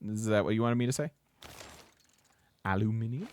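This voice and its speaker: Chatty man with a low voice. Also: moderate pace, a little mellow, smooth. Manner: chatty, laughs often, talks to chat. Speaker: let's play host. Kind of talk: casual gameplay commentary.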